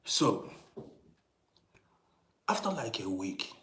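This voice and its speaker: A man's voice: lowish voice, very slow, echoey room, slight background noise. Middle-aged man telling a story, whispers to outbursts. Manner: animated, swings from hushed whispers to loud emphatic outbursts; repeats and restarts phrases. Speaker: storytelling channel host. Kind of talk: casual storytelling monologue.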